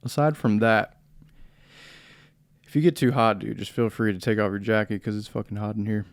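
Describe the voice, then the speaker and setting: A man's voice: fairly low pitch, fairly even intonation, moderate pace, dry recording, clean studio sound. Laid-back young man hosting a podcast. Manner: laid-back, rambling, laughs often, swears. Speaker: podcast host. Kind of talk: casual podcast chat.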